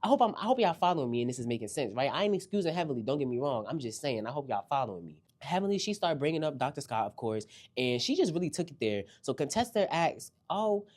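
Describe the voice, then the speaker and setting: A man hosting a casual reality TV recap, animated and slangy, talking straight to his viewers. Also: medium pitch, fast talker, hardly any pauses.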